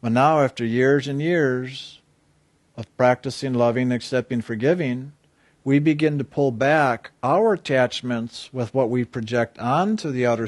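A man's voice: medium pitch, no echo. A man giving an earnest inspirational talk on a spiritual theme, often asking his listeners questions. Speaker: spiritual speaker.

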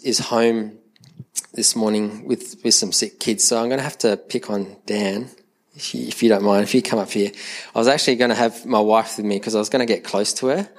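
Male pastor, low voice, casual sermon, repeats and restarts words, light humor. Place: church service.

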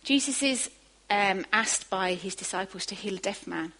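A woman preaching a sermon, moving from quiet asides to emphatic, rising bursts. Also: mid-range voice, normal speed, rough recording.

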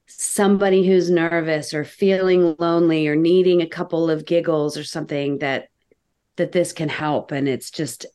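Slow-talking, low-voiced woman comedian. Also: smooth. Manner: gushing, excited, repeats phrases. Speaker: comedian guest. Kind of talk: casual podcast chat.

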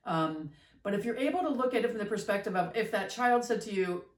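A woman's voice: medium pitch, animated, fairly quick. A middle-aged woman co-hosting a podcast, explaining in a reflective, teacherly way with hesitant fillers. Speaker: podcast co-host. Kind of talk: casual conversation. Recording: roomy sound from a distance.

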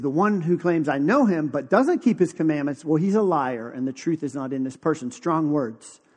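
A man preaching a sermon as pastor, conversational, dropping to a hushed, slow emphasis on key phrases. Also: sits high, in a large hall.

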